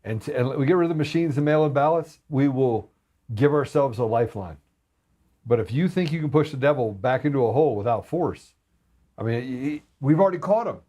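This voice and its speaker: A man's voice: on the high side, animated, fairly quick, a little mellow. A man talking as a podcast guest in casual chat, blunt and heated, with some swearing.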